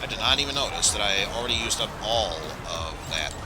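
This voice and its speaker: A man's voice: lowish voice, animated, brisk, noisy background. A male streamer commenting on his gameplay, thinking aloud with hesitant fillers. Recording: game music playing behind.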